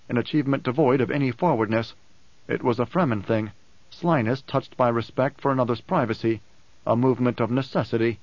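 A male audiobook narrator reading in an even, measured way. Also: medium pitch, no room sound, dull audio. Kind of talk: scripted narration.

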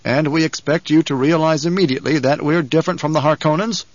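A man's voice: fairly high pitch, steady tone, quick pace, dry recording, muffled recording, close to an everyday voice. A man voicing a confident nobleman in an audiobook, firm and probing in how he talks. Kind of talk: audiobook character reading.

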